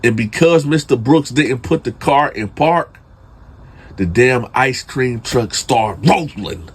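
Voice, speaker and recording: Man, storyteller host, husky voice, slangy, talks right to the audience, builds suspense. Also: medium pitch, lively intonation, slow pace. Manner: slangy, addresses listeners directly, builds suspense. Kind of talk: casual dramatic storytelling.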